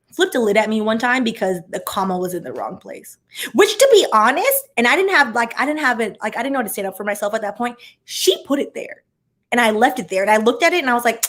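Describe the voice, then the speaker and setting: A former attorney in her thirties hosts her own channel, casually reacting to viewer comments with rapid tangents and lots of fillers. Her voice sits on the high side and sounds a bit bright.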